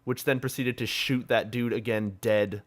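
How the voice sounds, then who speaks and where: A man's voice: mid-range voice, fairly even intonation, normal speed. Young guy cohosting a gaming podcast, chatty and rambly, laughs a lot, cusses casually. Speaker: podcast co-host.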